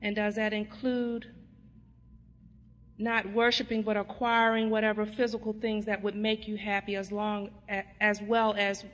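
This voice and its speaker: A woman in the congregation asking the teacher questions in a polite, measured way. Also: medium pitch, little pitch movement, big-room sound.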